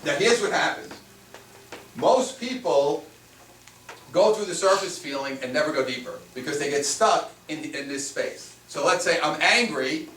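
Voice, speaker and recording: A man, a spiritual teacher, giving a lively workshop talk and asking the audience questions. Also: a little high, moderate pace. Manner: animated, playful, asks the audience questions. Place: room with a small audience. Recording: roomy, mic at a distance, faint noise.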